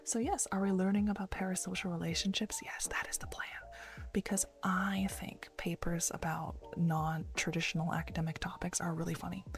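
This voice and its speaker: A woman reads aloud in a hushed, half-whispered morning voice, keeping to a soft ASMR-style delivery. Her tone has a gravelly, fry-tinged edge, and she drops into casual asides between passages. Quiet background music plays faintly underneath. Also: medium pitch. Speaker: VTuber streamer reading a paper aloud.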